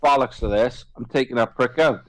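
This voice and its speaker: A man's voice: medium pitch, brisk, low-quality recording. A man talking reflectively in casual chat, comparing trading to boxing.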